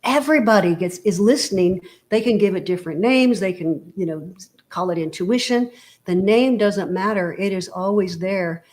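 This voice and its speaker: A woman with a mid-range, slightly mellow voice talks at a normal speed as a guest on an interview show. She chats casually in a motivational vein, explaining her ideas through everyday analogies, sprinkling in "you know," and checking in often with the listener.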